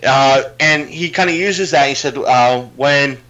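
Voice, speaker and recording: Rambling man with a bright, dull-sounding mic. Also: mid-range voice, unhurried. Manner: rambling storyteller with many fillers and restarts. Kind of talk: casual podcast chat.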